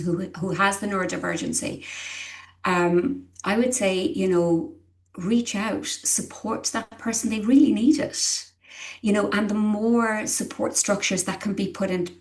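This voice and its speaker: A woman's voice: medium pitch, steady tone, moderate pace. A middle-aged woman, a parent, speaking candidly and earnestly as an interview guest, often restarting her sentences as she searches for words. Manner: earnest and emotional, with frequent restarts and hesitations. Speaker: guest, parent of a child with dyslexia.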